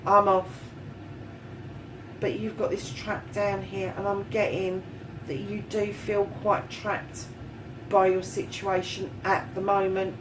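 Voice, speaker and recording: A woman's voice: medium pitch, flat delivery, measured pace, distant mic, background noise. A woman giving a casual, encouraging tarot reading, chatty and swearing freely as she talks. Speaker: tarot reader.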